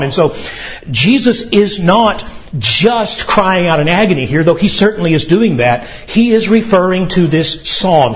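A man's voice: a little high, lo-fi sound. A man preaching a sermon as pastor, earnestly explaining and reading scripture aloud to his congregation.

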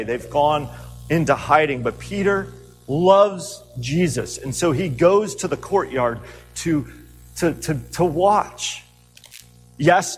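An earnest male pastor delivers a sermon, stirring his listeners with rhetorical questions as he retells the story. His voice sits on the higher side for a man. It rings in a reverberant hall with faint music underneath.

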